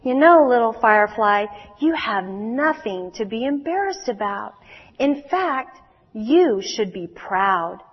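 A woman voicing a kind, wise female cat in a storybook read-aloud, speaking gently and reassuringly. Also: fairly high pitch, lively intonation, slow, slightly rough, in a large hall, muffled recording, heavily acted.

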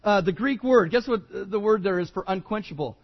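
High-voiced emphatic preacher. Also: male voice, expressive, brisk, dull audio. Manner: emphatic, conversational, repeats himself. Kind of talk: verse-by-verse sermon.

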